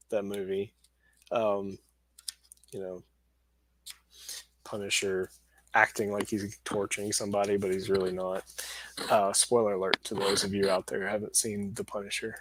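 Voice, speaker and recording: A man chatting casually about comics, rambling with many fillers and restarts and breaking into excited bursts. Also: lowish voice, slight background noise, rough recording. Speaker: comic creator and channel host. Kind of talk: casual chat flipping through comics.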